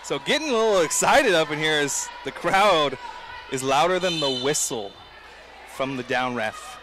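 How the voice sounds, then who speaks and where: Man, color commentator, upbeat reactions, fairly high voice, noisy crowd around. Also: expressive, moderate pace. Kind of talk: casual sports commentary. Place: college gym during a volleyball match.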